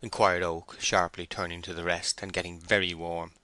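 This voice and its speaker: A man reading a classic novel aloud in a measured, deliberate narration. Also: sits low, little pitch movement, sharp tone, no room sound. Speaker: audiobook reader.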